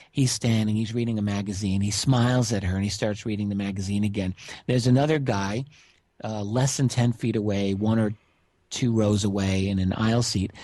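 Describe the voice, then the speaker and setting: For a radio interview, a middle-aged man who is a guest researcher describes a strange encounter in a relaxed, chatty way, pausing on fillers along the way. His middle-pitched voice sounds dry and close, with no room sound at all.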